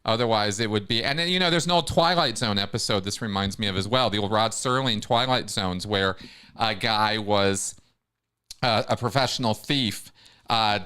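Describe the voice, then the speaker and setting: A man hosts a casual live chat show, wandering from thought to thought and restarting sentences. His voice is bright and clean, with a crisp, resonant tone. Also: fairly low pitch. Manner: rambling, many restarts. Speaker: host.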